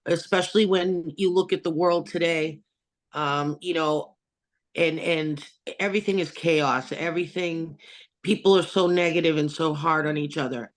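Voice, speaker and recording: A woman's voice: sits low, fairly even intonation, normal speed. Woman, interview host, earnest, rambling, restarts a lot, video call audio. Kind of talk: casual interview chat.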